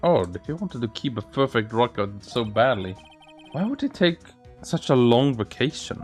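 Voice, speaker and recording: Lively man reading game lines aloud. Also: medium pitch, normal speed, faint music behind. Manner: reads with small slips and restarts. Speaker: let's play host.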